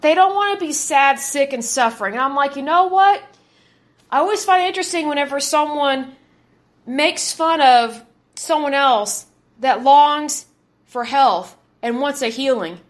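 Woman in her thirties, podcast host, indignant, emphatic, high voice. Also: animated, a little slow. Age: 30s. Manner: indignant, emphatic, repeats words for force. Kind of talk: opinionated commentary monologue.

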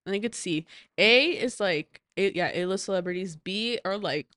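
A woman co-hosting a podcast in a studio, lively and expressive, giggling and saying "like" a lot. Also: mid-range voice, moderate pace, no echo. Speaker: podcast co-host. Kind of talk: casual chat.

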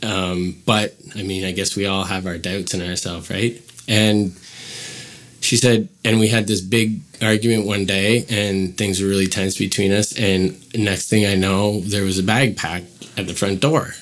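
A man's voice: low-pitched, fairly even intonation, measured pace. A man casually telling a personal story as a guest, rambling with many fillers and acting out quoted dialogue.

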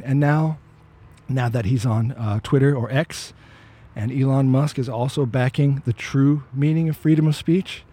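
A man's voice: medium pitch, mellow, breathy edge. A man giving an emphatic, opinionated commentary monologue, with sarcastic asides. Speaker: vlogger.

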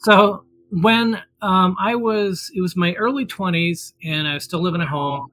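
A man's voice: high voice, measured pace, fairly bright tone. A man telling a personal story in casual chat, rambling with many fillers and restarts and acting out the voices he quotes. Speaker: guest storyteller. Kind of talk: casual anecdote.

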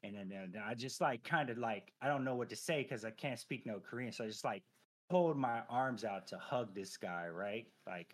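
A man in his thirties, a veteran guest on a podcast, telling a personal story in casual chat, profane and animated, full of filler phrases. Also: mid-range voice, normal speed.

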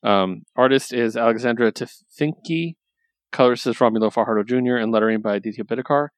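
A man's voice: medium pitch, fast, dry recording. Chatty enthusiastic man, dry sound. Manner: enthusiastic, lots of fillers. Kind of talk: casual chat.

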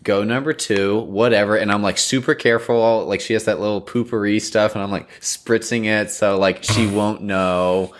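Young male storyteller, deep, low register, casual and animated, filler-heavy. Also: moderate pace, few pauses. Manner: animated, rambling with many fillers. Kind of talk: casual chat, telling an embarrassing story.

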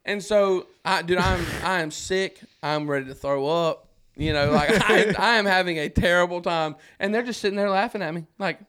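A man's voice: sits high, normal speed, fairly bright tone. A man from Arkansas, a podcast guest, telling a story in casual chat and acting out his own panic.

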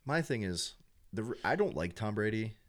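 Deep-voiced young man rambling about sports. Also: normal speed. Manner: rambling, heavy use of filler words; animated when acting out announcers and fans. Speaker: sports fan. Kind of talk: casual chat.

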